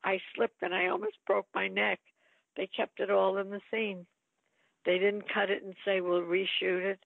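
A mid-range, gravelly voice belongs to an older actress reminiscing in an interview at a moderate pace. She tells chatty stories of her film career, livened by quoted asides. The audio is dry and tinny, like a phone line.

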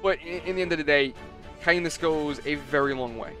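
A man's voice: fairly high pitch, a little fast, sharp tone, soft background music. A man hosting a gaming video, chatting casually and swearing freely as he tells a story and acts out the customers. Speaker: gaming channel host. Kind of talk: casual story-telling over gameplay.

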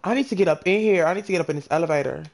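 A man hosting a casual gaming stream, loud and playful with constant trash talk. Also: high-pitched, racing, creaky.

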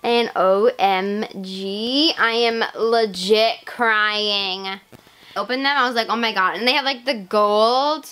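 A bright, high-pitched teenage girl talking straight to her camera in a casual vlog. She gushes and bubbles over, stringing everything together with "like" and "legit," and her excitement keeps spilling out. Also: unhurried, hardly any pauses. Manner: gushing, excitable, lots of "like" and "legit". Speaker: vlogger.

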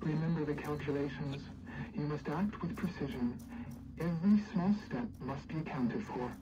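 A woman's voice: deep voice, normal speed, close to an everyday voice. A woman playing a stern, commanding guide. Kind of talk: video game cutscene acting. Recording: muffled game audio with noise.

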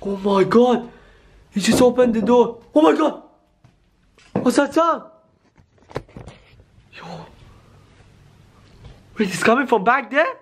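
High-voiced man, excitable YouTuber. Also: slow pace, long pauses, a little hiss or hum. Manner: excitable, constantly addresses viewers with "yo" and "guys". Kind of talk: scripted scary-skit vlog.

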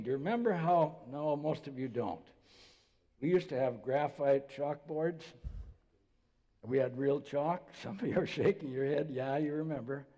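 Older man, pastor, mellow, storytelling sermon, reverberant church sound. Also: a little high. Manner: conversational storytelling preacher, drops to soft voice for quotes. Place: church sanctuary.

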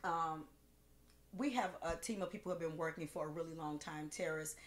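Lower-voiced woman gushing thanks in a roomy space. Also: brisk. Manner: effusive, rambling thanks with many fillers; emotional, close to tears. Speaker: cooking show host. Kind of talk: casual livestream chat. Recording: roomy echo with faint music.

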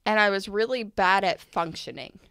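A woman co-hosting a podcast in casual conversation, earnest and animated, with many "like" fillers. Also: mid-range voice, moderate pace, no echo, studio quality. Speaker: podcast co-host.

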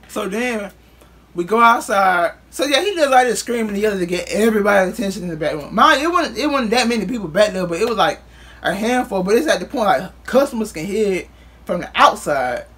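A man's voice: high voice, very animated, fairly quick, sharp tone, husky. A man vlogger telling a casual storytime in loose, profane street talk, acting out what others said.

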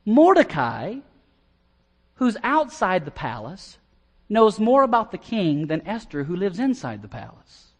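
An American man preaching an expository sermon as pastor, animated and often repeating words as he starts a phrase. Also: sits high, measured pace. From United States.

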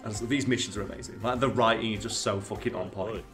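A man's voice: fairly low pitch, fast talker, faint music behind. A man hosting a casual let's-play, joking and swearing with a guest while commenting on the game. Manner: jokey, animated, swears freely. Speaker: gaming channel host.

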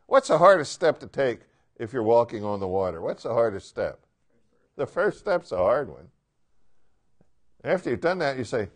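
An energetic man teaching a Bible class walks through the text casually, acts out its quotations, and repeatedly asks the group questions. His pitch is medium and he speaks at normal speed.

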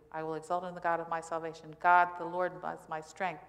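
A woman's voice: lowish voice, steady tone, normal speed. A woman pastor giving a sermon in a conversational style, asking the congregation questions as she goes. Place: church sanctuary. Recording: church hall reverb.

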